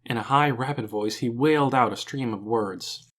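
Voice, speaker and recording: A man narrating an audiobook with an expressive, animated reading. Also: medium pitch, moderate pace.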